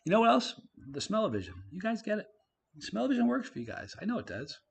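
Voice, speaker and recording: A man hosting a casual live stream, reading viewer comments aloud, his voice swinging from loud to quiet. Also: sits high, huge pitch swings, fast, vocal fry, slightly rough. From Canada.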